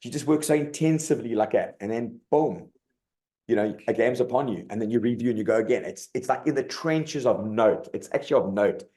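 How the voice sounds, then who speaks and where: A middle-aged man from South Africa, a rugby coach telling stories in a casual interview, animated and colloquial, often saying "mate". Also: mid-range voice, fairly quick.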